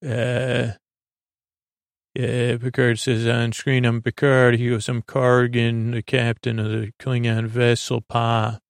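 Flat, gravelly man rambling a recap. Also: medium pitch, slow pace, dry recording, clean studio sound. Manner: meandering, loose retelling with many fillers and restarts. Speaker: podcast host. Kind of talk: rambling episode recap for sleep.

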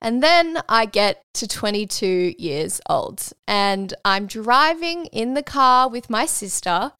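An Australian woman in her twenties tells a personal story on her podcast, frank and animated, with plenty of swearing. Her voice sits a little high and sounds smooth and clear. The recording is close and dry, with no room sound. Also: slow, dry recording. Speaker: podcast host. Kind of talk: casual storytelling monologue.

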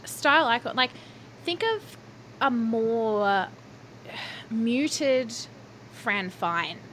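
A woman's voice: fairly high pitch, animated, very slow, a bit bright, a little hiss or hum. A woman co-hosting a podcast, giggly and teasing in casual chat. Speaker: podcast co-host. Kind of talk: casual chat recapping a reality show.

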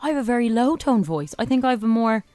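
A woman co-hosting a radio show, speaking in a husky, somewhat hoarse voice, frank and self-deprecating. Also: on the high side, expressive, fast, warm tone, no echo. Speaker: radio co-host. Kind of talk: casual radio chat.

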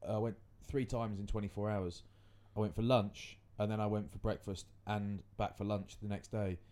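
A man's voice: lowish voice, little pitch movement, moderate pace, mellow. A man, hosting a podcast and telling rambling stories in casual chat. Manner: rambling anecdotal storytelling. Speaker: podcast host.

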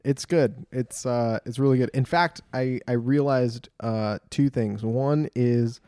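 A man's voice: mid-range voice, slow, warm tone, smooth, no echo, studio quality. A man from Los Angeles co-hosting a podcast, chatting casually and enthusiastically about music, swearing freely and restarting his sentences. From Los Angeles, USA. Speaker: podcast co-host.

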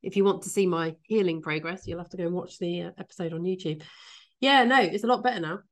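A woman's voice: on the low side, fast. A woman co-hosting a podcast in casual chat, reacting with enthusiasm and laughing readily. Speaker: podcast co-host.

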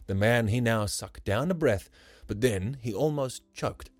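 A man narrating a rhyming story in a measured, lyrical way. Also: medium pitch. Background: faint music.

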